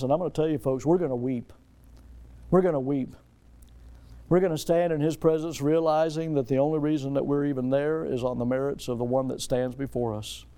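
Mellow-voiced male preacher, rhetorical and dramatic. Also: fairly high pitch. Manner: dramatic preaching, rhetorical questions, repeated phrases. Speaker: pastor. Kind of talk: sermon.

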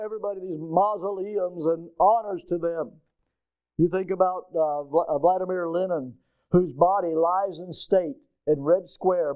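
A man preaching a sermon, reading scripture and telling a lively childhood story, acting out the voices of people in it. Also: fairly high pitch, no room sound, low-quality recording. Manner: storytelling, animated, acts out quoted voices. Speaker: pastor.

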